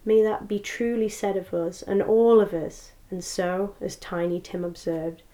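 A woman narrating a classic story aloud, with expressive, dramatic reading. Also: medium pitch, unhurried.

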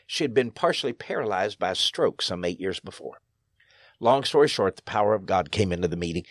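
A man's voice: fairly low pitch, no echo, clean studio sound. A man, a pastor, telling stories in an interview in an earnest, emphatic way, his voice rising sharply on key phrases. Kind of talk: storytelling interview.

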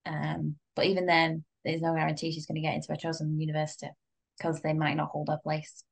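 A woman's voice: deep voice, monotone, fast talker, creaky, husky. A woman co-hosting a podcast in casual chat, wry and exasperated, with some laughter. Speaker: podcast co-host.

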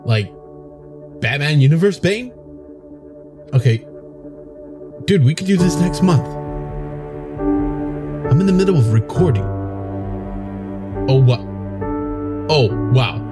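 A man's voice: on the high side, expressive, slow pace, long pauses. Exasperated podcast host man over music. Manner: exasperated, casual and swearing. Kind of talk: comedy sketch podcast.

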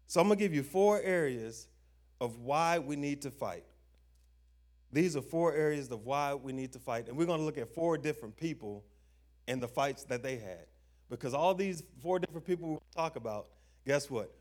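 A young adult man preaching a sermon, emphatic, asking the listeners questions and reading scripture slowly with stress. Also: fairly high pitch, a little mellow. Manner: emphatic, call-and-response questions; slow stressed scripture reading, informal grammar.

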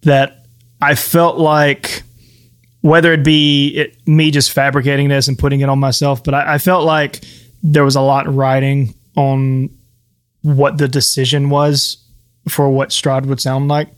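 A podcast co-host who also acts as game master, this man chats casually in a loose, rambling way, restarting thoughts and laughing easily. His voice is medium-pitched with little pitch movement, measured in pace and clean in tone.

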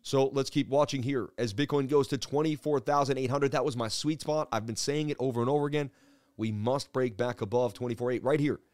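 A man's voice: medium pitch, steady tone, fairly quick, darkish tone, no echo. A man hosting a live crypto market stream, hyped and preachy as he walks through the charts, often calling people "baby.". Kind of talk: live market analysis chat.

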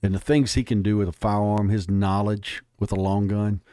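A man's voice: fairly low pitch, little pitch movement, normal speed, mellow, dry recording, studio quality. A man speaking as an interview guest, emphatic and plainspoken, telling stories in casual talk.

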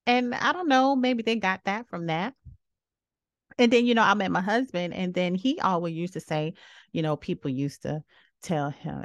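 A sassy woman in her thirties talks straight to her listeners, mixing preachy asides with blunt jokes. Her voice sits at a middling pitch but leaps up for exclamations and drops low for asides. The sound is close and dry, with no room around it. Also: moderate pace, dry recording. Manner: big swings between low murmurs and high exclamations. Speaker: podcast host. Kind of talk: casual opinion commentary.

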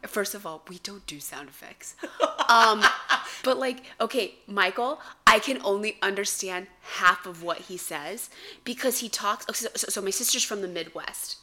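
A woman co-hosting a podcast in casual chat, an animated storyteller who laughs and swears freely. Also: mid-range voice, moderate pace. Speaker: podcast co-host.

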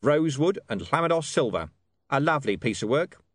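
A gruff watch commander with a dry, quietly menacing manner, as a male narrator voices him. His delivery is lively and shifts a lot in pitch. The sound is dry and close, with no room around it. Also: fairly quick, dry recording.

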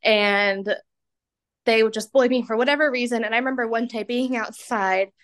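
A young woman in her twenties speaks as a podcast guest, her voice sitting slightly high. She talks candidly and chattily, with a self-mocking edge and frequent laughter. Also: normal speed, fairly bright tone. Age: 20s. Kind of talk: candid personal storytelling.

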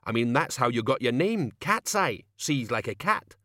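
A man voicing a gruff, bossy male gang leader who speaks bluntly and with sarcasm. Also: medium pitch, very animated, moderate pace, sharp tone, no room sound, studio quality, voice pushed up. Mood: scornful.

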